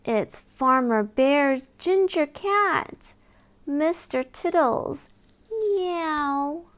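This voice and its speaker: A woman reading a picture book aloud to young children in a gentle, sing-song way, with little gasps and questions to the listener. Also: high voice, animated, slow.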